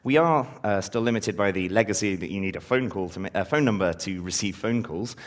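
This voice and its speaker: Talking a little fast in a lowish voice, this man leads a relaxed live-coding session at a conference. He leans heavily on fillers like um and uh, and brightens up whenever he engages the audience.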